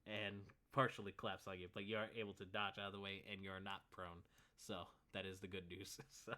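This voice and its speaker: A man's voice: deep voice, level tone, a little fast, sharp tone. A man narrating as game master of a tabletop game, laid-back and full of fillers.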